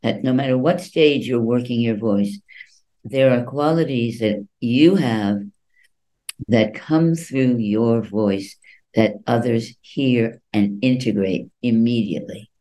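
A man speaking as a guest voice coach in an interview, expressive and acting out little quoted voices. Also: mid-range voice, takes it slowly, poor audio. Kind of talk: interview answers.

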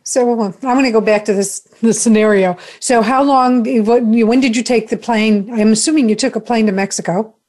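A woman hosts an interview, steering her guest with curious follow-up questions. Her voice sits a little higher than most women's. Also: normal speed, hardly any pauses, darkish tone. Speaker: host.

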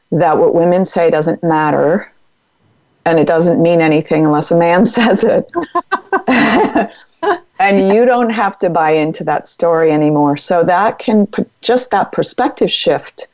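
A middle-aged woman speaking as a guest in an interview, giving advice in a calm, measured coaching way. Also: fairly low pitch, muffled recording. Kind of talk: interview conversation.

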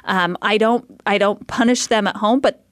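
Woman, 40s, radio host, mid pitch, dry close sound, thoughtful. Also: normal speed, no echo. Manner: thoughtful, rambling, restarts phrases. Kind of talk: casual radio talk.

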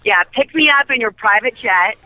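A woman guest in a casual interview, an excitable storyteller who laughs and jumps high in pitch. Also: moderate pace, dry recording, poor audio. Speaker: interview guest, soap actress.

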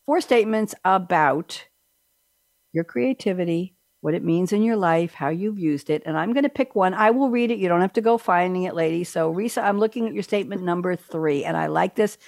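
Chatty, low-voiced talk show host woman. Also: brisk, creaky, no echo, studio quality. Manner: chatty, animated, playful. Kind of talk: radio talk show hosting.

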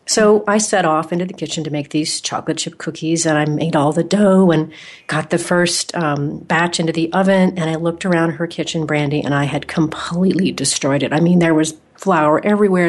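A woman hosting an interview, telling a personal story in a lively, animated way. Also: low-pitched. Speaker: podcast host.

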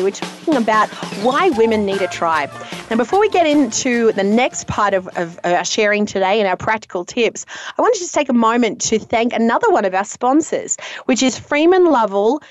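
A woman's voice: a little high, big pitch swings, a little fast, faint music behind. A woman co-hosting a talk radio show, chatting in an encouraging way.

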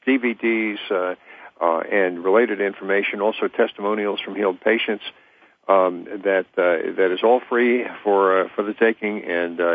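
A man hosting a health talk radio show, speaking haltingly with many fillers and restarts. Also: fairly low pitch. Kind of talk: hesitant talk radio interview. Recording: tinny phone-line sound.

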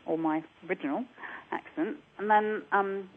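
A woman with a Cockney accent, an accent coach talking as a radio guest, animated and repeating herself. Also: medium pitch, normal speed, husky. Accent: English, Cockney. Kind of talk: radio interview. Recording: tinny phone-like line.

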